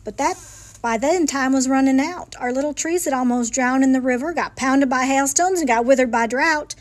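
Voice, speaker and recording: Lady reading a picture book aloud at the library, high bright voice, folksy. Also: normal speed. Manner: folksy, lively storytelling. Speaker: library storyteller.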